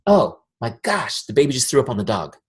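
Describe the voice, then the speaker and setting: A man voicing an excited young mother who is easily distracted, with a husky, gushing delivery. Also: medium pitch, brisk. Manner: gushing, breathless enthusiasm.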